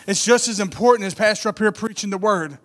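A man in his thirties giving an animated sermon testimony, building from quiet storytelling to loud emphatic peaks. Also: high voice, fast. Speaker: church speaker.

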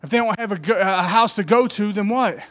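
A man in his thirties delivers a sermon testimony in a high-pitched voice. He tells his story in an animated way, swinging from hushed asides to loud, fervent emphasis. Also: a little fast. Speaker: church speaker.

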